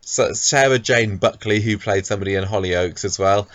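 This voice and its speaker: A man's voice: lowish voice, normal speed, a bit bright, dry recording. A man co-hosting a casual podcast, talking about a soap character with lots of ums and restarts. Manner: hesitant, many ums and restarts. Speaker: podcast co-host.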